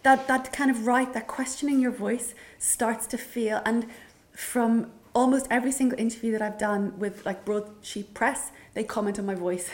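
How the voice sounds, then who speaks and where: A woman's voice: on the high side, steady tone, moderate pace, hardly any pauses. Thoughtful woman writer from Northern Ireland. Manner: thoughtful, many ums and restarts, storytelling. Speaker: writer and anthology editor. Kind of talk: reflective talk at a literary event.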